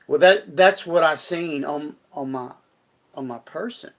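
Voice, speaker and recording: Gravelly-voiced man telling a rambling story. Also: a little high, a little slow. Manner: folksy, rambling, with frequent restarts. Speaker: live streamer. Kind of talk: personal storytelling on a live stream.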